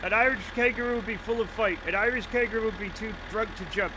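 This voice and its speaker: A man's voice: sits high, fast talker, noisy background. A man streaming a game, chatting casually, joking, swearing and often laughing. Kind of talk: casual livestream commentary.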